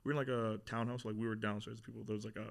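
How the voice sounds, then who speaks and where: A man's voice: on the low side, flat delivery, rapid-fire, creaky. A young man speaking as a podcast guest, telling a hard personal story in a casual, candid way with lots of fillers and swearing.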